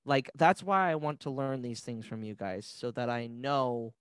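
A man's voice: mid-range voice, lively intonation, normal speed, clean tone, no echo. Brief: male podcast guest, heated and profane, dry close mic. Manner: passionate, ranting, profane. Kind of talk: casual podcast chat.

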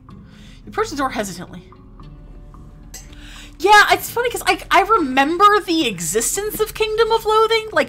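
A woman's voice: sits high, sharp tone. A young woman streaming a game live, chatting casually and reading game text aloud playfully.

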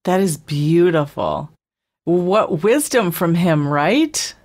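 Low-voiced woman podcast host. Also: lively intonation, slow pace, darkish tone. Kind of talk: casual interview conversation.

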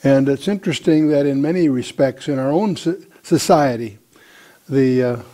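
A man teaching a Bible study lecture in a measured, deliberate way, pausing often with "uh". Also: mid-range voice, warm tone.

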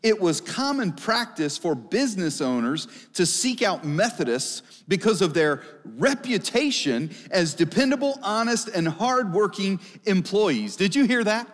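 A man's voice: sits high, sing-song, measured pace, hardly any pauses. Guy pastor giving a sermon, chatty, asks the crowd stuff, echoey church. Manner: conversational, asks the congregation questions. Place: church service hall. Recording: long hall reverb.

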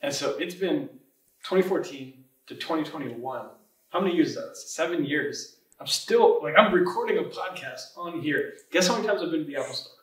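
A man's voice: a little high, expressive, normal speed. A man hosting a podcast, chatting loosely with many fillers and recording on a laptop. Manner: loose, full of fillers like "like" and "you know". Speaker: podcast host. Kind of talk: casual podcast interview. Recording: roomy room, distant mic.

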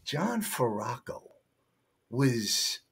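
In a mid-range voice, extremely slowly, a man shares firehouse tales as a podcast guest, a retired firefighter swearing freely and speaking with animated emphasis. Slight background noise can be heard under this casual storytelling.

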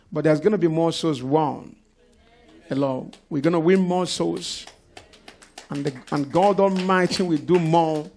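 A man's voice: fairly high pitch, gravelly, darkish tone. A man preaching a sermon to his church, calling out to the congregation again and again. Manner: preaching with call-outs to the congregation. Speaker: pastor. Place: church service.

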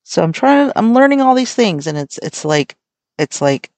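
A young adult American woman runs her own casual podcast, rambling openly and swearing a lot. Her voice is medium-pitched and darkish in tone, very animated at a moderate pace, in a dry recording.

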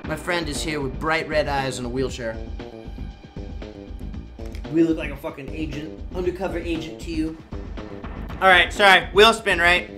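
A fairly high-pitched man rambles to his viewers in a loose, profane, excitable way. Clear game music plays behind him the whole time. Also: normal speed, long pauses. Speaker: live streamer. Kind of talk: casual live-stream chatter to viewers.

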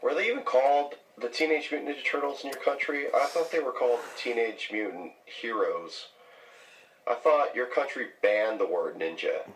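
A man's voice: medium pitch, normal speed, slight background noise. An American man leaving crude, mocking voicemails to tease a friend. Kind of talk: teasing voicemail banter. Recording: voicemail recording from a distance.

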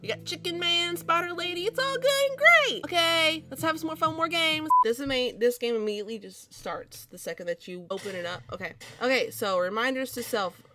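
A woman's voice: high-pitched, fairly quick, hardly any pauses. A young woman giving let's play commentary on horror games who swears a lot and shrieks at scares. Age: young adult. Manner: jumpy and profane, shrieking at scares. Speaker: gaming video creator.

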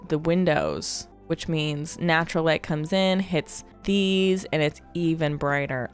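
A woman's voice: fairly low pitch, animated, moderate pace, gravelly, faint music behind. Chatty young woman with lilt. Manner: chatty, thinking aloud with playful asides. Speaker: Sims building creator. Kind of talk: casual gameplay commentary.

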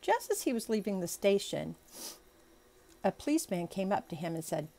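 A woman reads a classic novel aloud in her own plain voice, with a mid-pitched, everyday tone. She breaks off for chatty asides and sometimes trips over hard words. It is a homemade audiobook reading. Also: sing-song, normal speed, pauses often, warm tone. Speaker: audiobook reader. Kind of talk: amateur audiobook narration.

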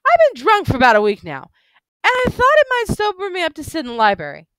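A woman reading a novel aloud, voicing an excitable, drunk, stout middle-aged man in big spectacles who talks insistently and rambles. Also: very high-pitched, fast talker, no room sound, pitched above the performer's own voice, heavily acted. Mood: rambling.

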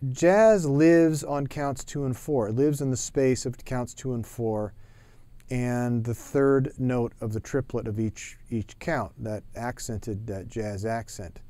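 A man teaching jazz drumming, explaining in a relaxed way with frequent fillers, in a drum studio. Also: medium pitch, no room sound. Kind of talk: instructional talk to camera.

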